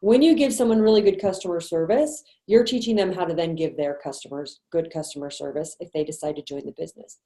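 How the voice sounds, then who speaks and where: Woman sales trainer, chatty and encouraging, mellow low voice, echoey room on a video call. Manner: chatty, encouraging, quick asides and laughs. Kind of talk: online sales training meeting.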